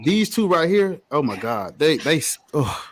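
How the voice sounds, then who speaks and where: A man's voice: a little high, big pitch swings, a little slow, a loud crowd. A man making a profane, emphatic argument in a heated debate in front of a live audience. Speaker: debate panelist.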